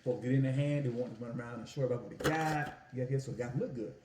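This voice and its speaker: A man in his home kitchen, telling stories about his Italian ice business in an animated, folksy way while he cooks. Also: medium pitch, fast, echoey room, background noise. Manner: animated, folksy storytelling with "y'all" and "family". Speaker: food vlogger and Italian ice vendor. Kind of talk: casual storytelling while cooking.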